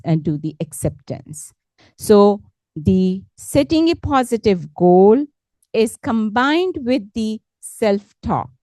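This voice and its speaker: A woman leading a talk on positive thinking, speaking patiently and gently, often checking in with her listeners. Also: medium pitch, no echo. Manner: slow, patient, repeats words and asks "correct?"; gentle, encouraging. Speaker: meditation instructor.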